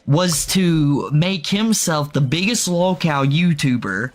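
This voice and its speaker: A man's voice: on the high side, lively intonation, slow. A man on a group stream, chiming in with short reactions and questions. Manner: reactive, interjecting.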